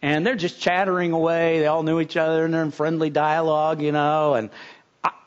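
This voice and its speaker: Delivering a sermon fairly quickly, this middle-aged pastor has a fairly high, flat-sounding voice yet preaches earnestly, frequently restarting and climbing to emphatic peaks. The lo-fi recording sounds slightly dull.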